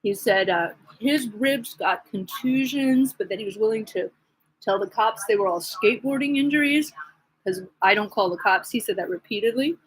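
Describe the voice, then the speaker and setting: A woman's voice: mid-range voice, moderate pace, slight background noise, rough recording. A woman vlogging in a rambling, casual monologue, gossipy and agitated, with many fillers.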